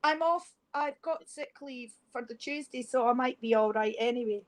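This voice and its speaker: A woman's voice: on the high side, normal speed, poor audio. A woman with a Scottish accent, a guest on a livestream, chatting casually and joking with frequent laughs. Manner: jokey, laughs often. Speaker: guest caller. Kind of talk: casual chat.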